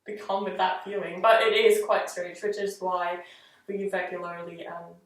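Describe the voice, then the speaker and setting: A woman's voice: fairly low pitch, flat delivery, normal speed. A woman co-teaching a casual online dance class, chanting step counts and explaining the moves one at a time. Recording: echoey room, distant mic, noisy.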